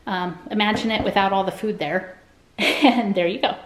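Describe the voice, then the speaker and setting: A woman's voice: mid-range voice, moderate pace. A woman from the United States, a family vlogger, casually chatting to the camera as she shows things around her. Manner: chatty and friendly, showing things as she talks. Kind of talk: casual vlog chat to camera.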